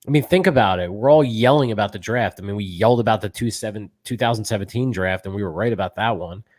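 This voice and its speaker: A man co-hosting a sports talk show, talking fast and emotionally as a self-described fan. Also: lowish voice.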